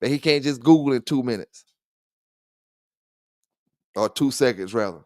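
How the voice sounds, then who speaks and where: In a mid-range voice that's a little mellow and lively in intonation, a man hosts a livestream dog talk show at a moderate pace. The studio-quality audio has no room sound, and he trades profane trash talk with viewers, laughing often.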